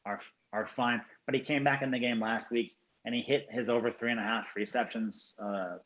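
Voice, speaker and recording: A man from South Florida, a professional sports bettor, giving his picks as a podcast guest in a steady, measured way with frequent "you know" and "um". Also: lowish voice, poor audio. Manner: steady, measured, uses 'you know' and 'um' often. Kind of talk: casual podcast interview.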